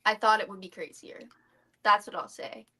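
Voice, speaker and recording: A woman's voice: medium pitch, normal speed, pushed and bright, husky. A woman on a podcast panel, talking casually and emphatically. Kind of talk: casual recap chat.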